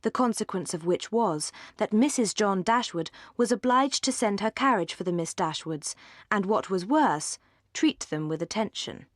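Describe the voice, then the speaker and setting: Measured woman narrating a classic novel. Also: medium pitch, animated, no room sound, clean studio sound. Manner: measured, articulate reading. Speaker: audiobook narrator. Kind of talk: scripted narration.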